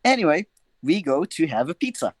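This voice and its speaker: A young man with a slightly high voice tells a funny personal anecdote, animated and self-mocking, often checking in with whoever is listening. The sound is dry and close, with almost no room around it. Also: a little fast, no echo. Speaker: guest storyteller. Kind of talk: casual anecdote telling.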